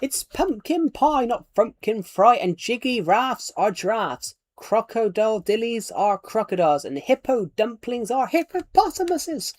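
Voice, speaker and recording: A man voicing a big friendly old male giant who mangles his words slowly. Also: very animated, no room sound, heavily acted. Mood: delighted. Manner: slow, high and mangling words.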